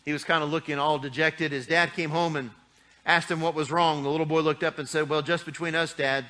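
A middle-aged male pastor preaching with a bright, forceful voice that sits a little high for a man. He keeps it folksy and joking, acting out little everyday scenes as he goes. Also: level tone, fairly quick. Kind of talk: sermon.

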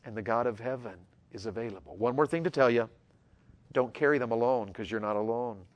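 A middle-aged man, preaching a sermon to young people in an earnest voice that swings from loud urging to hushed tenderness. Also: mid-range voice, fairly quick, muffled recording. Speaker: pastor.

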